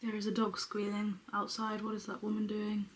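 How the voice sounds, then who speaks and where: A young woman chatting effusively through a product unboxing, sometimes dropping to a hushed voice. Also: mid-range voice, completely flat delivery, moderate pace, a little hiss or hum. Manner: chatty and effusive, often dropping to a soft hush over products. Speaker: beauty vlogger. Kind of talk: casual unboxing chat.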